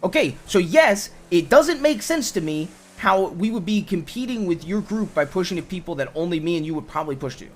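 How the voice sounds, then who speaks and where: A man's voice: on the high side, fairly even intonation, racing, hardly any pauses, a little mellow, slight background noise, natural voice. A man voicing an exasperated young man in an improvised game roleplay, pleading with his partner and tripping over his own restarts. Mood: frustrated. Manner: pleading, repeats himself, stumbles over restarts. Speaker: roleplay character.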